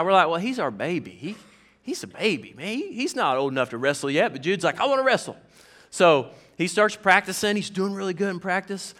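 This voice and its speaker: A middle-aged man preaching a sermon as pastor, folksy and animated, talking straight to his congregation. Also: on the high side. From American South.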